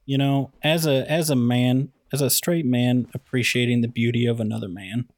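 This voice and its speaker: A man's voice: medium pitch, fairly even intonation, moderate pace, darkish tone, no echo, studio quality. A man co-hosting a podcast in casual chat, jokey and playful, steering the talk with questions. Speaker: podcast co-host.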